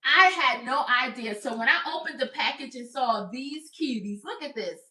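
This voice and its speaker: A woman's voice: high voice, expressive, normal speed, bright, forceful tone, echoey room, distant mic. A woman hosting a crochet livestream, chatting upbeat with her viewers. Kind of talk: casual livestream chat.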